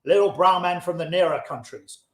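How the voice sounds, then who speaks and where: High and brisk, lightly acted: that's how this man voices the earnest, discontented chariot maker. He reads old-fashioned English with passion in an audiobook-style rendering of a classic, with a roomy echo in the recording.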